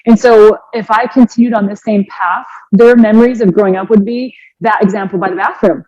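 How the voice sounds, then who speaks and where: An earnest woman in her forties tells her story as a fitness coach, animated and full of restarts. Her voice sits in the middle range. The recording is close and dry, with a slightly dull, muffled tone. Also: mid-range voice, fairly quick, dry recording. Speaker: fitness coach and podcast guest. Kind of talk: emotional personal storytelling.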